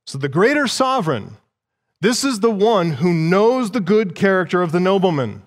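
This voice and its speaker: A man's voice: high voice, very animated, moderate pace, in a large hall. A man preaching an expository sermon, teaching through a passage verse by verse and putting questions to his listeners. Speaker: pastor.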